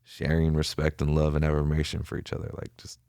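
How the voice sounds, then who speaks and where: A young man with a very low, deep voice tells stories as a podcast guest. He talks loosely and casually, with slang and constant "like" fillers. The sound is dry and close to the mic. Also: fast talker, gravelly, no room sound. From Ventura County, California. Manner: relaxed, slangy storytelling, filler "like" everywhere. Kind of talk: casual storytelling interview.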